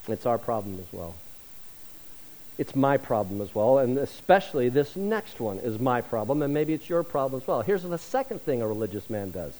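A man's voice: mid-range voice, mellow, low-quality recording. A middle-aged male pastor preaching a sermon, telling stories with self-deprecating humor before turning earnest.

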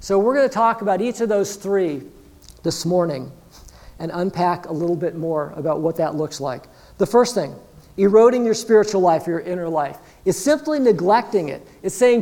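A man's voice: sits high, animated, normal speed, darkish tone. A man preaching a sermon as pastor, earnest and conversational, acting out the voices of imagined believers. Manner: earnest, conversational preaching with frequent "you know".

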